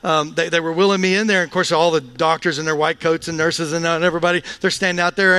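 A man telling a personal testimony, animated and acting out the dialogue in voices. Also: fairly high pitch, quick pace, hardly any pauses, clean tone, no echo. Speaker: speaker sharing a testimony.

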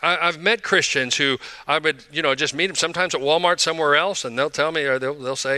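A man's voice: fairly high pitch, a little fast, hardly any pauses, pushed and bright, no room sound. A man in his sixties, a pastor preaching a sermon in an emphatic, conversational way.

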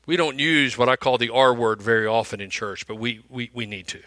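A male pastor preaching a sermon, repeating phrases for emphasis and swinging between loud, emphatic lines and hushed ones. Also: medium pitch, fairly even intonation, a little fast, no room sound.

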